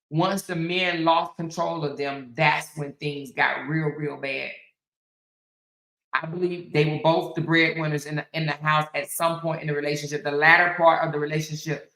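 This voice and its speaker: A woman's voice: deep voice, steady tone, measured pace, a bit bright, roomy sound, rough recording. A woman hosting an opinionated commentary monologue, emphatic and repetitive, often checking in with "right?". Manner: emphatic, repeats phrases, frequent "right?". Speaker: commentary host.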